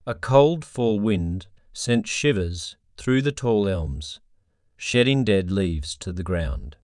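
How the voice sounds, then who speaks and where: A man narrating a scripted story in a solemn, measured way on a close mic. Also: on the low side, expressive, darkish tone, smooth, no room sound.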